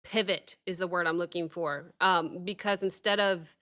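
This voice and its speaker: A woman's voice: fairly low pitch, fairly even intonation, sharp tone. Reflective woman reacting to a song. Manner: reflective, halting with many ums and restarts. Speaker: music reaction host. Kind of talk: casual reaction commentary.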